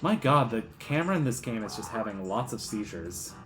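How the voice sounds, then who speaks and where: A man's voice: medium pitch, expressive, fairly quick, faint music behind. A man giving casual gameplay commentary as a let's player, rambling and joking, with silly voices thrown in.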